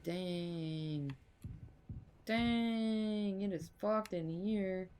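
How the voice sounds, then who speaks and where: A woman's voice: mid-range voice, drawn-out words, darkish tone, slight background noise. Woman casually commenting on a game. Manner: casual, swearing, laughing asides. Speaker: gamer. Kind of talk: let's-play commentary.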